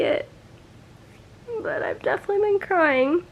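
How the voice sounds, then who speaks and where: A woman's voice: high voice, expressive, a little slow, a bit bright. A young woman talking casually as a book vlogger, emotional, with frequent sighs and fillers. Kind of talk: casual reading vlog reactions.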